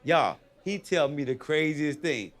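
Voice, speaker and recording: A man doing live stand-up on a club stage, telling stories in an animated, chatty way, often checking in with the crowd and laughing at his own punchlines. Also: on the high side, a little slow. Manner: animated, chatty, keeps asking the crowd "you know what I mean". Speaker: stand-up comedian.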